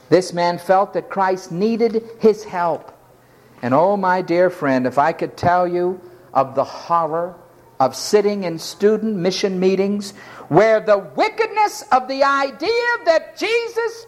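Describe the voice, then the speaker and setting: High-voiced impassioned male preacher. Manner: impassioned preaching, dramatically acting out quoted speakers. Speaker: pastor. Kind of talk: sermon.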